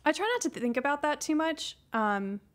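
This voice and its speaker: A woman in her thirties who answers livestream chat questions in a casual, soft-spoken way, hesitating and restarting often. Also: sits high, expressive, moderate pace.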